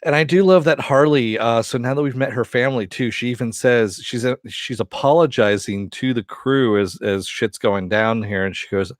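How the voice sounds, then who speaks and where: A man hosting a casual spoken review of an animated series, rambling with many fillers, laughing often and swearing with enthusiasm. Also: medium pitch, moderate pace, hardly any pauses, no echo, studio quality. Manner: profane and enthusiastic.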